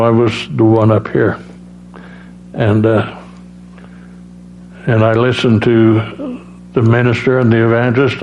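A man giving a personal testimony as a preacher, halting, with many restarts and fillers. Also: mid-range voice, darkish tone. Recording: dull lo-fi sound with faint hum.

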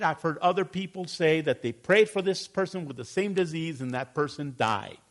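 A male pastor preaching a sermon, animated and calling for responses from the congregation. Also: on the high side.

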